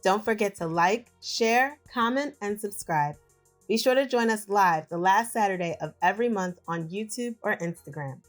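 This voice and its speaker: A woman's voice: medium pitch, normal speed, faint music behind. A woman co-hosting a casual podcast chat, playful and teasing, also reading show plugs. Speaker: podcast co-host.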